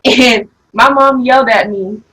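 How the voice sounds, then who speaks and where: A woman in her early twenties, a daughter, telling stories in a casual panel chat with an animated, laughing manner. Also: a little high, a little slow, slightly rough, poor audio. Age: early 20s. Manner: animated storytelling, laughs often.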